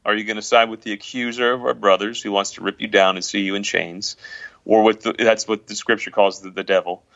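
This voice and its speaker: A man's voice: lowish voice, steady tone, a little fast, creaky, fairly bright tone. Guy cohosting a faith chat, preachy and emphatic, kinda dull lo-fi audio. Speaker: podcast co-host. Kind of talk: casual faith discussion.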